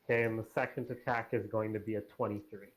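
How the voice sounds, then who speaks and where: A man playing in a tabletop game, calmly reading out his rolls and actions. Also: fairly low pitch, fast talker. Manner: matter-of-fact, reads out dice rolls. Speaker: player. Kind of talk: casual game talk.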